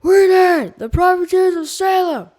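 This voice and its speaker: A woman voicing a crowd of rowdy sailors, yelling their answers from a street celebration in a storybook reading. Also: very high voice, expressive, a little slow, voice pushed up. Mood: rowdy shouting.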